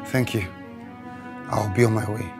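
A Nigerian man pleading earnestly with the woman he loves. His voice is gravelly and mid-low, with music playing behind him. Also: steady tone, unhurried. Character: pleading boyfriend on the phone.

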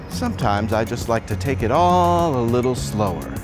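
A man in his sixties telling stories in a casual interview, now and then bursting into rapid-fire tongue-twisters. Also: medium pitch, animated. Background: background music.

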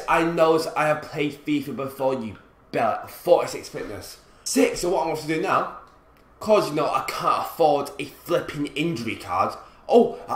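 A man commentating his own football video game play, frustrated and swearing, with sudden loud outbursts. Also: mid-range voice. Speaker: gaming commentator. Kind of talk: gameplay commentary. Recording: roomy echo.

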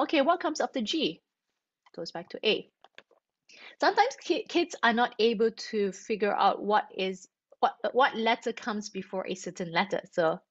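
A woman's voice: mid-range voice, no room sound. A woman teaches note reading in a chatty, step-by-step way. She often poses a question and then answers it herself. The recording sounds dull and dry. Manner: chatty, explains step by step, asks and answers her own questions. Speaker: string teacher. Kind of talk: instructional explanation.

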